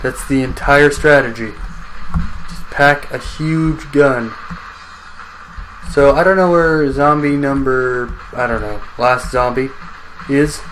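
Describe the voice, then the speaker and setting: A man's voice: medium pitch, takes it slowly, long pauses, fairly bright tone, slight background noise. A man giving casual let's-play commentary on his own game, rambling and chatty, joking with the enemies as they come at him.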